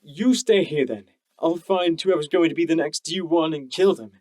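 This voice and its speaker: A man's voice: on the high side, normal speed, darkish tone, no room sound, voice pushed up, lightly acted. A man voicing a desperate, grieving young male pony in an audiobook, pleading and tearful.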